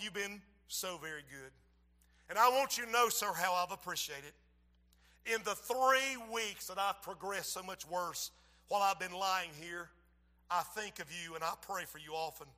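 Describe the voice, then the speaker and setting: A preacher delivering a sermon in a high, ringing and very bright voice. He drops into quiet, hushed storytelling, then builds to loud, impassioned exhortation.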